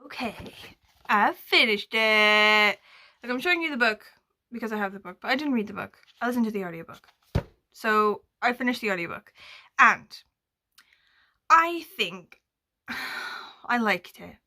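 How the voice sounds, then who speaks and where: A woman's voice: medium pitch, sharp tone. Rambling woman book vlogger. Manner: chatty and rambling, many fillers and asides. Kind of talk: casual chat.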